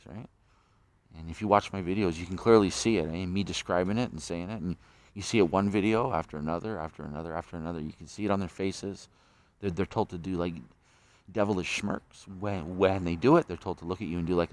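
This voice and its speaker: A man rambling to his camera outdoors at night, repeating himself, swearing and ending sentences with "eh?". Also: low voice. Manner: repetitive, profane, tags sentences with "eh?". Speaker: vlogger.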